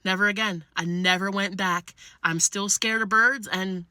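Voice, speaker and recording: A woman telling a comic personal story in an animated, blunt way, swearing freely. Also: mid-range voice, normal speed, clear, resonant tone, no room sound, studio quality.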